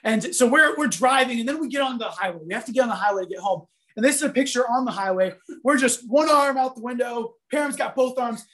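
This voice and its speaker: A man giving a sermon, telling a story in an animated, conversational way full of fillers. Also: very high voice, fast talker, hardly any pauses. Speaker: preacher.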